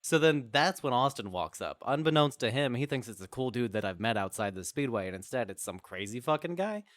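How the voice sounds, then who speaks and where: A man chatting casually with friends, telling an anecdote in a relaxed way with chuckles. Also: medium pitch, fairly quick, dry recording, studio quality. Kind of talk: casual chat.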